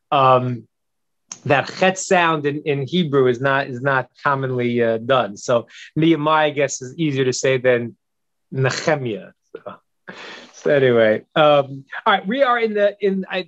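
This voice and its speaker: High-voiced rabbi teaching casually. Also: male voice, fairly bright tone, dry recording. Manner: conversational, with frequent restarts and asides. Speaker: rabbi teaching a Bible class. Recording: dull lo-fi sound.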